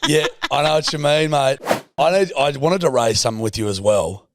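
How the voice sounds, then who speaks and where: A young Australian man co-hosting a podcast, telling stories in an animated way, acting out voices and swearing freely. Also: medium pitch, a little fast, noisy background. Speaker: podcast co-host. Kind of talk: casual chat.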